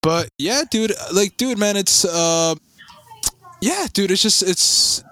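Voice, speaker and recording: A young man co-hosting a podcast, chatting casually with lots of stammered restarts and excited rambling. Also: high-pitched, takes it slowly. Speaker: podcast co-host. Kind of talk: casual chat.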